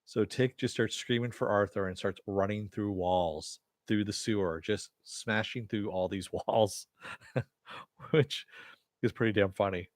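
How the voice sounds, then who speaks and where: Man reviewing a TV episode: low voice, dry close sound, loose filler-heavy retelling. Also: steady tone, measured pace, no echo. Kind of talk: casual episode recap.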